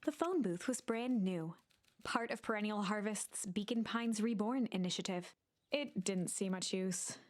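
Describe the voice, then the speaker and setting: A woman's voice: medium pitch, unhurried. Woman reading game narration.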